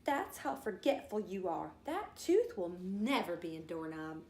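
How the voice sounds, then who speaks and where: A woman's voice: on the low side, very animated, a little slow, darkish tone. A woman reading a storybook aloud, voicing a mischievous little girl who teases her sister in a sing-song way. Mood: teasing. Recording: roomy echo.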